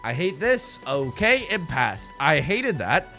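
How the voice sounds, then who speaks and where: A man streaming a game and chatting casually with his viewers in a playful, self-mocking way. His voice sits slightly high and sounds bright and forceful, with wide, lively swings in pitch. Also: takes it slowly, faint music behind. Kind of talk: casual live-stream gaming commentary.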